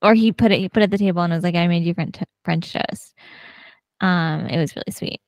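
A woman co-hosting a podcast in casual chat, talkative and quick to laugh. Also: fairly low pitch, no room sound, clean studio sound. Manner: chatty, laughs often, many fillers. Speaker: podcast co-host.

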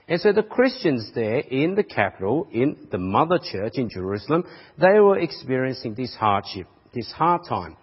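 A man's voice: on the high side, breathy edge. A man preaching a sermon in an emphatic, repetitive rhetorical style, recorded with muffled sound and a long echo. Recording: muffled audio with long hall reverb.

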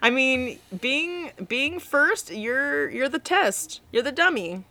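Young woman, podcast co-host, bright voice, a little high, casual swearing chat, hiccuping. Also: lively intonation, slow pace, slight background noise. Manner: chatty, swears freely, self-mocking jokes. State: hiccuping and burping.

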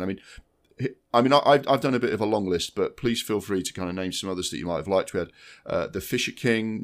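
A man with a very low, deep voice co-hosts a film podcast. He talks casually and bluntly, swears freely and often restarts his sentences. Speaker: podcast co-host.

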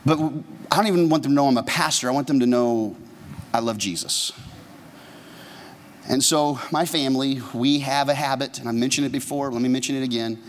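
A man's voice: mid-range voice, fairly quick, slight background noise. A man, a pastor, preaching a humorous, conversational sermon and asking the congregation questions. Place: church sanctuary. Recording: long church reverb.

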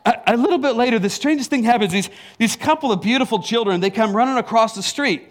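A man's voice: very high voice, a little fast, few pauses. A middle-aged man preaching a sermon in a church, telling a story with laughs and acted asides. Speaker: pastor.

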